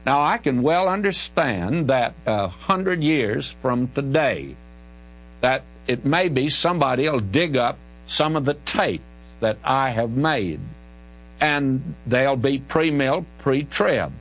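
A man's voice: mid-range voice, animated, slow, fairly bright tone, rough recording. An older man, a Bible teacher answering listener questions on radio in an emphatic, folksy, conversational way. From Southern United States. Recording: archival radio recording with mains hum.

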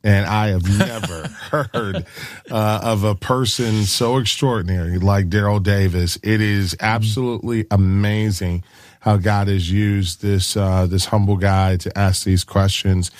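A man hosting a Christian call-in radio show, talking in an enthusiastic, encouraging way and pitching to listeners. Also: fairly even intonation, unhurried, dry recording, clean studio sound.

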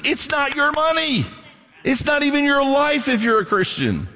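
A man with a notably high voice preaches to his congregation in a casual, conversational style. He slips into little acted-out exchanges as he explains scripture. His voice rings with the long reverb of a large church hall. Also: big pitch swings, moderate pace, creaky, pushed and bright. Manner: conversational preaching, acting out dialogue. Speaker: pastor. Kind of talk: sermon.

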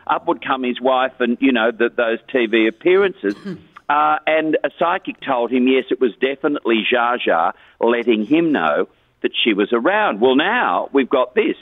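A man's voice: medium pitch, lively intonation, normal speed, no room sound. Brief: man calling into radio with gossip, chatty and chuckling, tinny phone sound. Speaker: entertainment news contributor. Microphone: phone line.

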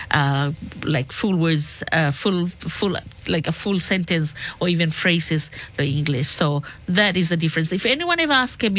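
A woman from the Solomon Islands with a Solomon Islands accent, presenting on radio in a casual, halting way, switching between English and Pidgin. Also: deep voice, a bit bright. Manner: halting, code-switching, many fillers. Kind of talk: casual on-air explanation.

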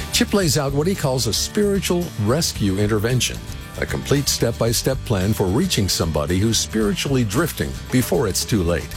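A man reading a scripted program introduction in a smooth, upbeat announcer style. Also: mid-range voice. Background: guitar music.

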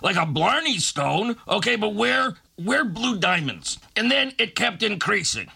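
A man's voice: sits high, big pitch swings, measured pace, creaky, bright, forceful tone, husky. A man hosting a late-night radio show, delivering a sarcastic, ranting comic monologue.

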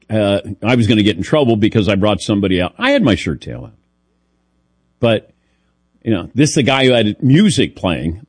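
A man's voice: lowish voice, a little mellow, dry recording. Chatty male sports-talk host, dry sound. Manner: chatty storytelling, self-deprecating humor. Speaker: radio show host.

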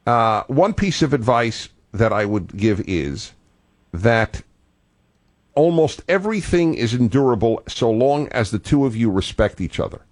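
A man's voice: medium pitch, big pitch swings, a little slow. An older man hosting a call-in radio talk show, thoughtful and digressive, often restarting his sentences.

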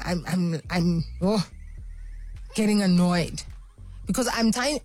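A woman hosting a call-in radio show, telling a story with lively energy and acting out the voices of the people in it. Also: medium pitch, dry recording. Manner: animated storyteller, acts out voices. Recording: faint music bed behind.

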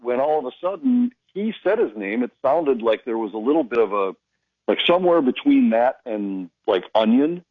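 A man's voice: medium pitch, normal speed, dry recording, phone-quality sound. A man, a hockey announcer, telling stories in a casual radio chat and acting out the voices of the people he quotes. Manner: storytelling, animated quoting of others.

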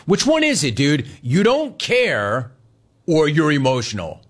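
A man's voice: fairly high pitch, wildly swooping pitch, a little slow. A man hosting a sports radio show, ranting with mocking emphasis and repeating his points. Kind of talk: opinionated sports rant.

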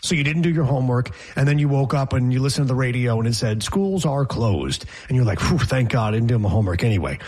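A man co-hosting a casual talk show, telling jokey stories with a husky voice. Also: medium pitch, animated, quick pace, few pauses, a little mellow. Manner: joking, storytelling. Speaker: co-host. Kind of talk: casual banter.

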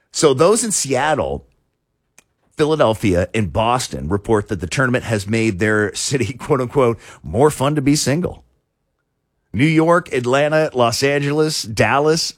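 A man's voice: mid-range voice, dry recording, studio quality. A man hosting a talk show, chatting casually in a rambling way with many restarts and chuckles. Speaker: show host.

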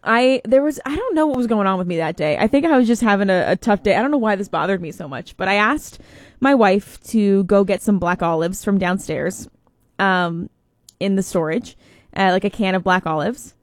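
A woman's voice: medium pitch, animated, normal speed, dry recording, studio quality. A young woman, hosting a radio show and telling a story in a chatty way with lots of fillers. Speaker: radio host. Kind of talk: casual radio chat. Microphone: studio microphone.

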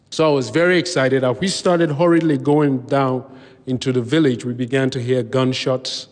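A man recounting his own past in a measured, vivid way, pausing now and then to restart a phrase. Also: mid-range voice, steady tone, darkish tone. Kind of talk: personal storytelling talk. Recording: long hall reverb.

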